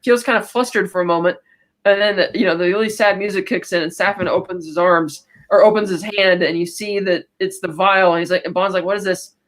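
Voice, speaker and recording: Podcast co-host, casual recap, rambling delivery, quick quoted asides, mid-pitched voice. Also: fairly even intonation, fairly bright tone.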